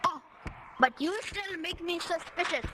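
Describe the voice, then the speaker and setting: A woman gamer doing playful in-game role-play through a VR headset mic, excitable and dramatic, with sudden shouts. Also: very high-pitched, a little slow. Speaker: gamer making a VR game movie. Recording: noisy VR game capture.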